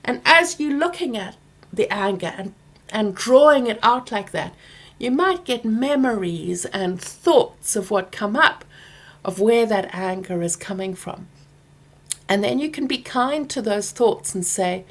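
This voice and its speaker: A middle-aged woman hosting a workshop Q&A, speaking softly and gently and sometimes dropping to a whisper. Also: on the high side, expressive, takes it slowly. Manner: soft and gentle, drifting into whispers; acts out anger with loud groaning sounds. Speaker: workshop host answering questions. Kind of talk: Q&A talk to an audience.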